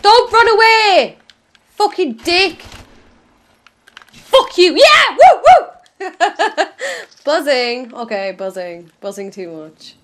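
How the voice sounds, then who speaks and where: A woman's voice: extremely high pitch, big pitch swings, slow pace, pauses often, a bit bright. A young woman swearing her way through gameplay commentary, bursting into shrieks and laughter. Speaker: gaming video host.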